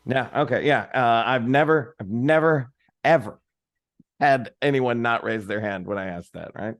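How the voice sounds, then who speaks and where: Man, workshop facilitator, upbeat, encouraging, video call, middle pitch. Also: moderate pace. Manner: upbeat, encouraging, peppered with "right?". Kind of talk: interactive virtual workshop facilitation.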